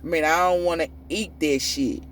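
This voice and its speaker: A woman's voice: low-pitched, steady tone, moderate pace, slight background noise. A woman tarot reader delivering a profane, preachy spiritual rant, emphatic and prone to repeating and restarting words when fired up. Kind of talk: ranting spiritual monologue.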